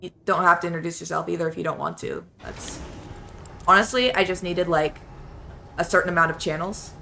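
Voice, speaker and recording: Chatty young woman streamer, gravelly. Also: on the low side, steady tone, a little fast, sharp tone, slight background noise. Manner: chatty, rambling, lots of fillers. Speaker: game streamer. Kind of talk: casual live-stream chat.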